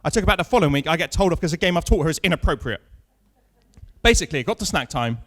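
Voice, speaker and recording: On a comedy club stage, a man in his thirties delivers a stand-up set in a fairly bright, slightly high voice that's rapid-fire and very animated. His storytelling is dry and self-mocking with punchlines, and he banters with the audience.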